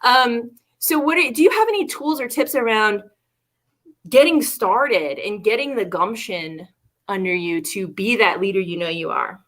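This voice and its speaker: A woman's voice: mid-range voice, a little slow, fairly bright tone. A woman co-hosting a livestream who chats easily, laughs often and speaks straight to her viewers. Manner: chatty, laughs often, addresses viewers directly. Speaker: co-host. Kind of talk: casual livestream talk.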